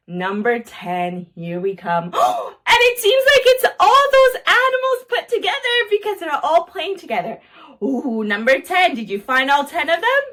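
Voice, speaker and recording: A woman's voice: high-pitched, a bit bright. A woman hosting a toddler counting lesson, talking in an exaggerated sing-song way with gasps and cheers. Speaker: children's educational video host.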